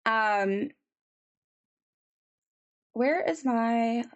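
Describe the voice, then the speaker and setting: A woman's voice: on the high side, extremely slow, dull audio. A woman chatting casually on a live stream as she draws, rambling with many ums and answering chat.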